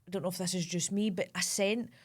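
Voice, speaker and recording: A woman's voice: fairly low pitch, steady tone, fast. A Scottish woman co-hosting a casual podcast chat, giggly and full of questions. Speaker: co-host.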